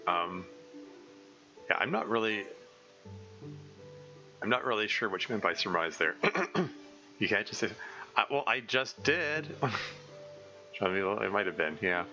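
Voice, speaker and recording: A man's voice: sits low, animated, unhurried, long pauses, sharp tone, dull audio, faint music behind. Rambling, chuckling male streamer. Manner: rambling, laughing, many restarts. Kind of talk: live-stream game commentary.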